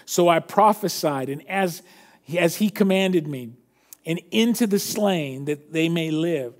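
Higher-voiced man preaching a sermon. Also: lively intonation, measured pace. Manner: reads scripture aloud, drops low and soft for quoted lines; self-correcting, conversational preaching. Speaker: pastor.

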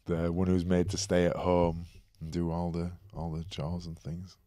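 Male co-host, low pitch, dry booth sound, teasing and pragmatic delivery. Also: monotone, moderate pace, dark tone, no room sound. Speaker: podcast co-host. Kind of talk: casual chat. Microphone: studio podcast mic.

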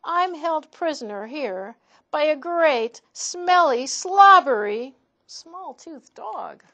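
A woman reading aloud and voicing a brave young daughter in a children's storybook, in a soft, sing-song voice. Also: sits high, sing-song, slow pace, highs cut off, pitched above the performer's own voice, exaggerated voice. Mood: forlorn.

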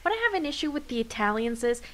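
A young woman co-hosting a casual podcast, talking in an animated way and swearing now and then. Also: racing, low-quality recording. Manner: animated, swearing, jumps pitch when excited. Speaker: podcast co-host.

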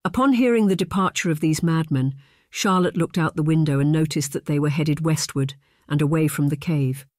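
Brief: measured romance narrator, middle pitch, dry close mic. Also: darkish tone, dry recording. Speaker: audiobook narrator. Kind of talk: scripted audiobook narration.

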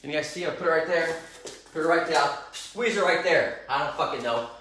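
A man talking in an unscripted vlog from his home garage, brash, loud and hyped, swearing constantly. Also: a little high, fairly quick. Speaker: mindset coach and vlogger. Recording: roomy garage echo.

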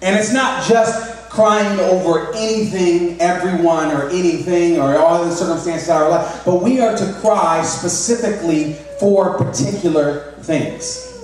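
A male pastor preaching a conversational sermon in a church, halting often with restarts and fillers. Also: sits high. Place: church sanctuary. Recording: very echoey room, mic at a distance.

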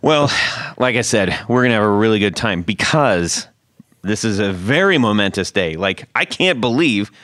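A man's voice: lowish voice, lively intonation, moderate pace, fairly bright tone, no room sound, studio quality. A man hosting a casual guitar gear podcast, joking and rambling, laughing often. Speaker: podcast host.

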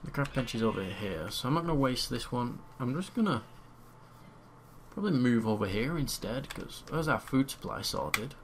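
A young man gives expressive, casual commentary on his gameplay in a mid-range voice at normal speed, muttering repeated words as he goes. Loud typing on his keyboard is audible through the home mic, with a slight hiss or hum.

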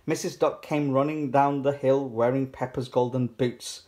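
A man reading a children's picture book aloud as a storyteller. His voice is of middle pitch, and his delivery is cheerful and clear for young listeners. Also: steady tone, normal speed, few pauses, mellow. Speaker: storybook reader.

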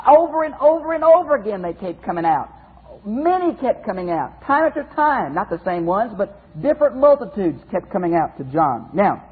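A man's voice: high voice, slightly rough. A man teaching as a pastor in a Bible study lecture, emphatic, repeating phrases and speaking straight to his listeners. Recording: phone-like narrow band audio.

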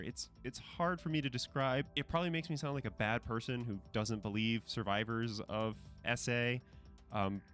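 A man's voice: mid-range voice, fairly bright tone. A man giving casual spoken commentary to camera, conversational and hedging, with frequent fillers and restarts. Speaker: commentary channel host.

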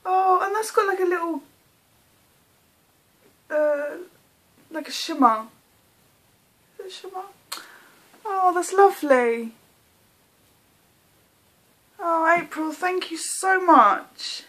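A woman's voice: very high-pitched, slow, pauses often, a bit bright. An English woman vlogging an unboxing, gushing with thanks in casual chat. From England.

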